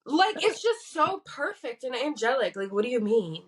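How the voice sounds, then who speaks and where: A woman's voice: high-pitched, very animated, normal speed, breathy edge, low-quality recording. Teasing young woman with slangy chatter. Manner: teasing, slangy, laughs often. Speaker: podcast co-host. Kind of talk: casual chat.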